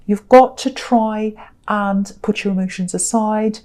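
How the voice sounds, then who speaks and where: A woman's voice: medium pitch, steady tone, a little slow, a little mellow. A woman giving a tarot reading, earnest and direct, repeating herself for emphasis. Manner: gives direct advice. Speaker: tarot reader.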